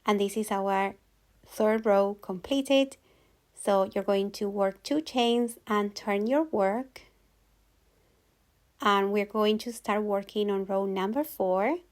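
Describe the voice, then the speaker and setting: A woman narrates a crochet tutorial in a calm, patient voice-over. She talks slowly and evenly, at a middle pitch. She often goes back over a step so it can be followed. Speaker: crochet instructor.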